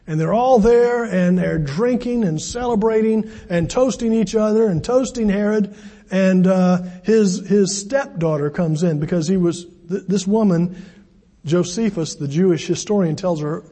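Breathy high-voiced male preacher. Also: normal speed, mellow. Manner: conversational, wry asides. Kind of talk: sermon. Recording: long hall reverb.

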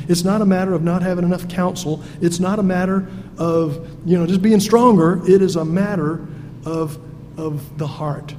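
Folksy high-voiced male preacher. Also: normal speed, darkish tone. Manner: folksy, humorous, emphatic. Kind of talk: sermon. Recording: echoey hall with faint noise.

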